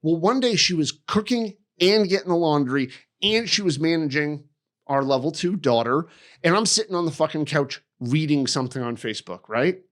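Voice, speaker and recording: A man in casual podcast chat, swearing heavily and ranting with animated energy. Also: a little high, normal speed. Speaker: podcast guest.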